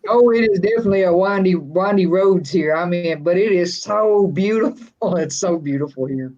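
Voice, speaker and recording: A woman's voice: fairly low pitch, moderate pace, a little mellow, muffled recording. A woman from West Texas with a West Texas accent, hosting a casual livestream chat in a chatty, folksy way and laughing often. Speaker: livestream host.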